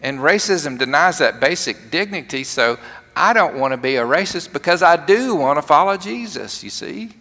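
This pastor's voice is fairly high, pushed and bright, expressive and at a moderate pace. He preaches conversationally with humor in a church sanctuary, frequently starting sentences over as his story unfolds, and the large church's long reverb is audible.

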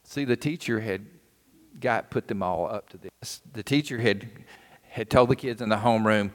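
A man's voice: fairly low pitch, normal speed. A man preaching a sermon in a folksy, earnest storytelling way. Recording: long hall reverb.

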